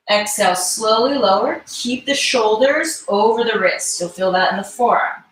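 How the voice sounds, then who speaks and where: Calm woman coaching breathing, echoey room. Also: medium pitch. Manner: calm, guiding breath cues. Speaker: mobility instructor. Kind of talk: live online movement class. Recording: echoey room, mic far off.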